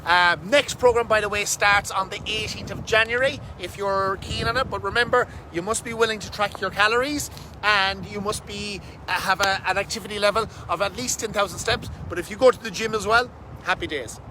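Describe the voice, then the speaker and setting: A fitness coach talks straight to camera in a quick, punchy, casual way, dropping the odd swear word. His voice sits high for a man and sounds bright and sharp. Wind and distant traffic hiss faintly behind him, recorded outdoors. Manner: fast, energetic, swears casually. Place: outdoors under a bridge, windy.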